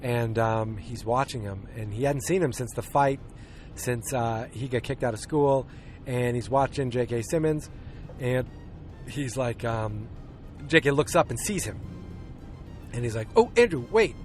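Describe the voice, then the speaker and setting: Male podcast host, average pitch, rambling hesitant recap that acts out the quotes, faint music underneath. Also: measured pace. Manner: rambling, hesitant, many ums and restarts. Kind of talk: casual movie recap.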